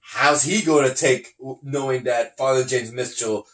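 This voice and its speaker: Speaking a little slowly in a mid-range voice, a man hosts a casual wrestling review podcast in a roomy-sounding space. His retellings are animated, full of acted-out lines and frequent laughter.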